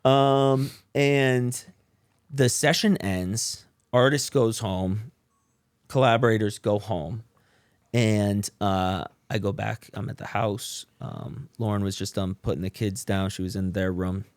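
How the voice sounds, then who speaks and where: Low-voiced laid-back man telling his story. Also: fairly even intonation, slow, smooth, dry recording. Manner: laid-back and slangy, with many fillers and restarts. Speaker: podcast guest. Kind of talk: casual storytelling about his recovery.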